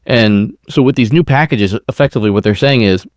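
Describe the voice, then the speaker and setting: A man co-hosting a podcast, explaining airline fare changes in a measured, conversational way. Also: medium pitch, dry recording, clean studio sound. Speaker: podcast co-host. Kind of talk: casual podcast discussion.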